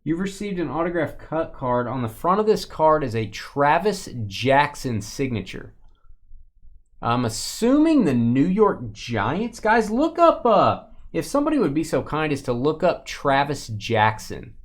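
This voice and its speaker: A man's voice: fairly high pitch, sing-song, a little slow. A man hosting a live sports card break, chatting casually as he opens packs and answers comments from viewers. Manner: chatty, reacting to pulls and chat comments.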